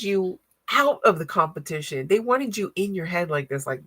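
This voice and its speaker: A woman's voice: fairly low pitch, expressive, moderate pace, hardly any pauses, a bit bright, husky, rough recording. A woman giving a casual tarot reading in a blunt, profane, slangy way, often laughing. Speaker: tarot card reader.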